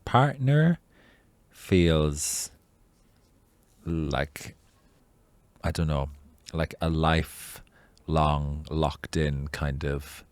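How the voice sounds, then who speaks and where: Guy with a super low voice musing on a podcast, dry sound. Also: level tone, extremely slow, no echo. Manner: laid-back, thoughtful, hesitant. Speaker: podcast co-host. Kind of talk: casual chat.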